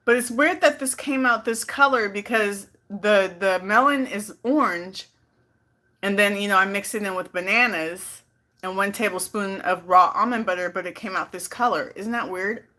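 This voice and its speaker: A woman from the Bay Area, California, livestreams as a vlogger in a bright, forceful, medium-pitched voice at a moderate pace. Playful and chatty, she reads out comments from her viewers.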